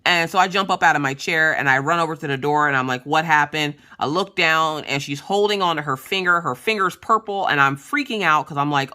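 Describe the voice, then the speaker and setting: A woman vlogger chatting casually while crafting, telling stories from home in an animated, blunt way and acting out what people said. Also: deep voice, a little fast, hardly any pauses. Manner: animated, acts out quoted voices. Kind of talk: casual storytelling chat.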